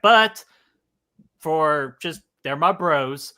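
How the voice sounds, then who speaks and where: Excitable guy cohosting a movie podcast, bright forceful voice, jokes and swears a lot. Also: on the high side, slow pace, smooth. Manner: excitable, joking, swears freely. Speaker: podcast co-host. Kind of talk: casual chat.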